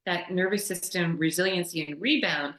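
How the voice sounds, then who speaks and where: Woman, yoga teacher, casual call. Animated, laughs a lot, bright forceful tone, roomy echo. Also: lowish voice, moderate pace. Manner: animated, laughs often, acts out quoted voices. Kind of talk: casual explanatory chat on a call.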